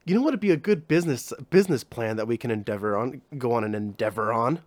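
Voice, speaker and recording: A man's voice: medium pitch, expressive, fast talker, darkish tone, no room sound, natural voice. A man voicing a lover who talks in an oddly formal, salesman-like way in a comedy bit. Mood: mock-serious pitching. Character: smooth-talking lover pitching a business idea.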